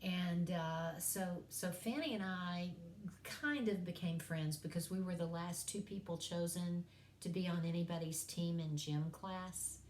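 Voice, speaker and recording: A woman's voice: lowish voice, measured pace, a little hiss or hum. Folksy woman telling classroom stories. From East Tennessee, USA. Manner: folksy storytelling, self-deprecating humor. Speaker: college English teacher. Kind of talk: recorded course lecture. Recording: echoey room.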